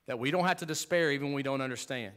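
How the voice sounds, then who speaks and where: A man's voice: mid-range voice, rapid-fire. Man, pastor, sermon, emphatic, conversational, joking asides. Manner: emphatic, swings from loud to hushed.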